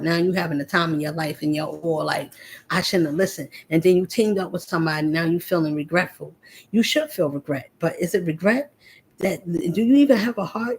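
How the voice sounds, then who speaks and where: This female vlogger's voice is lowish, gravelly, and a bit rough. She confronts her listeners directly in a preachy spiritual monologue.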